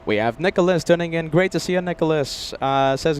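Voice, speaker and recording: Excitable man hosting live plane spotting. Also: on the high side, a little fast, a little hiss or hum. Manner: chatty and excitable, rambling, reads chat aloud. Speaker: plane-spotting livestream host. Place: outdoors near an airport runway.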